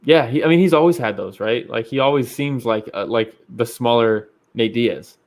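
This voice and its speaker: A man's voice: medium pitch, moderate pace. A man co-hosting a fight podcast, talking in casual chat, swearing freely and agreeing with enthusiasm. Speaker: podcast co-host.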